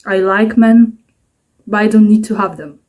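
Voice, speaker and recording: A woman in her twenties vlogs to camera at home at night, chatting in a rambling, self-mocking way. Her voice is medium-pitched at normal speed, and the audio sounds narrow and tinny.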